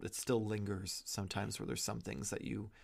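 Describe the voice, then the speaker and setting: Gravelly, low-voiced man chatting casually. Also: steady tone, normal speed. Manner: stammering, repeats words when starting thoughts. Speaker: podcast co-host. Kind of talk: casual chat.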